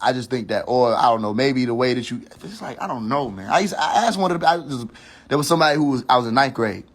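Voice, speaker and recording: A man's voice: mid-range voice, expressive, fast talker. Heated man ranting on a livestream. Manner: heated, preachy and profane, repeats warnings; thinks aloud with frequent restarts. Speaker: livestream host. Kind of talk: casual rant on a social media livestream.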